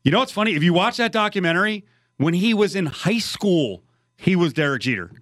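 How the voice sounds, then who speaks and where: Male sports radio host, wry banter, fairly high voice, dead-dry studio sound. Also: sing-song, fairly quick, a bit bright, dry recording.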